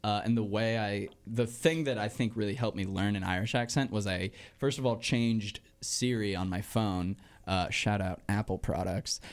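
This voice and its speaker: A young man co-hosting a casual comedy podcast, animated and laughing often as he drops into silly voices mid-story. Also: fairly low pitch, normal speed, few pauses. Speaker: podcast co-host.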